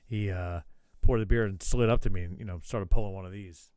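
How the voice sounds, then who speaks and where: A man's voice: sits low, steady tone, brisk, a little mellow, smooth, no room sound. A man hosting his own show, telling a rambling, profane story in casual chat. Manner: swears a lot, rambling asides. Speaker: show host.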